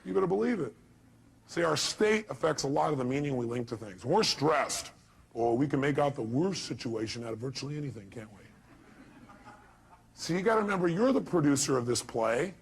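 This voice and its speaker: A man's voice: mid-range voice, animated, fairly quick, gravelly, breathy edge. A man giving a motivational seminar talk, punchy, firing rhetorical questions at a live audience and acting out voices. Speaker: motivational speaker.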